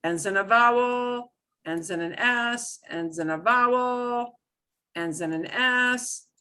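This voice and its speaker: A woman's voice: a little high, slow, sharp tone. A middle-aged woman teaching a beginner Spanish lesson online, explaining rules step by step with playful exclamations.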